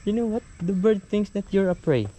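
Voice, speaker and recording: A woman's voice: medium pitch, lively intonation, brisk, dark tone, slight background noise. A woman outdoors in a nature park, talking to a baby in a sing-song, coaxing way and pointing things out. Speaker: parent showing a baby around. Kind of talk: casual baby talk.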